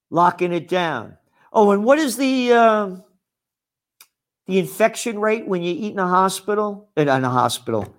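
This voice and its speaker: An older man, a trend forecaster, delivering a sarcastic, scornful ranting monologue full of name-calling. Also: high-pitched.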